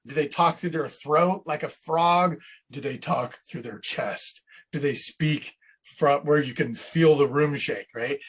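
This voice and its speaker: A man's voice: a little high, measured pace, breathy edge. A man coaching real estate agents on sales scripts in a casual teaching chat, acting out client lines as he goes.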